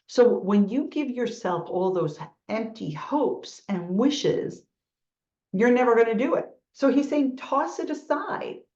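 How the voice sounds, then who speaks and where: A woman's voice: on the high side, darkish tone. A middle-aged woman from New York with a New York accent, giving a motivational talk and acting out quoted thoughts as she tells stories. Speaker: motivational speaker. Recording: echoey room, dull lo-fi sound.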